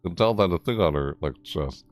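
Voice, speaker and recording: Low-pitched man, gaming vlogger, rambling and easily amazed, lively swings, dry close sound. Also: a little fast, dry recording. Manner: voice jumps high in surprise. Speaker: gaming YouTuber. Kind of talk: casual game commentary.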